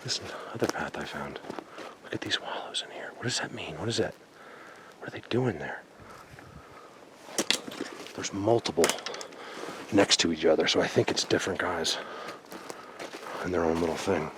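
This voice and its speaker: A man vlogging outdoors in a forest, excitedly showing viewers what he finds and sometimes dropping to a whisper. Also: sits low, normal speed, pauses often, very noisy. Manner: excited, talks to viewers, drops to a whisper at times. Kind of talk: outdoor exploring vlog.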